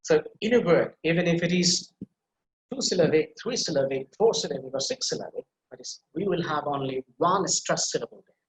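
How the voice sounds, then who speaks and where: A man's voice: fairly high pitch, expressive, echoey room, poor audio. Bangladeshi man teaching pronunciation. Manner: repeats words slowly for drill, explanatory. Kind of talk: online lecture over slides.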